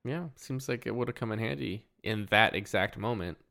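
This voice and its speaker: A man's voice: on the low side, normal speed, gravelly, bright, forceful tone. A man co-hosting a podcast, laid-back and wry, mostly agreeing in short replies about a movie. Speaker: podcast co-host. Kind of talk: casual movie review chat.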